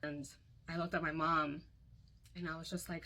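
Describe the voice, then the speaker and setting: A woman's voice: deep voice, little pitch movement, moderate pace, long pauses, bright, forceful tone, low-quality recording. A young woman recounting a painful personal story to her phone, candid and emotional, often quoting others.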